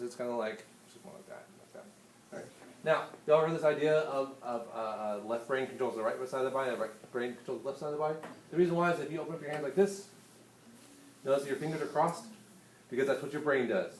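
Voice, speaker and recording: Lively male teacher in an echoey classroom. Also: mid-range voice, slight background noise. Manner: lively, hands-on, speaks directly to students. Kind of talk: classroom lecture.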